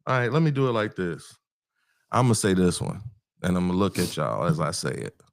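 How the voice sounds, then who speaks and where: A man's voice: low-pitched, big pitch swings, normal speed, gravelly, no room sound, studio quality. A man hosting a casual group talk show, speaking in loose, joking slang. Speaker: podcast host.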